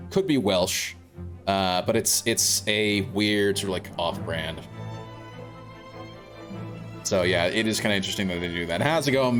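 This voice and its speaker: A man streaming a video game, chatting casually with his viewers and rambling, with lots of fillers and restarts. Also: lowish voice. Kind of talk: casual gaming commentary.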